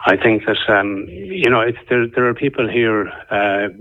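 An Irish man calling in to a radio phone-in and arguing his point earnestly at length, with many pauses and fillers. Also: fairly low pitch, expressive. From Ireland. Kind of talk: call-in debate. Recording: tinny phone line.

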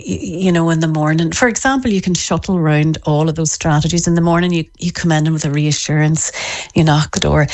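Low-voiced woman, animated. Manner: animated, acts out parents' voices. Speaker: parenting author. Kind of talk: podcast interview.

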